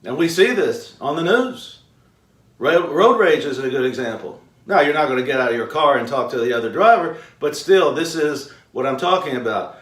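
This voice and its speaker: A man's voice: on the high side, lively intonation, fairly bright tone. Male self-help host, emphatic lecturer, roomy distant sound. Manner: emphatic, rhetorical questions, drawn-out pauses. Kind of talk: motivational lecture to camera. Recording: roomy echo, mic far off.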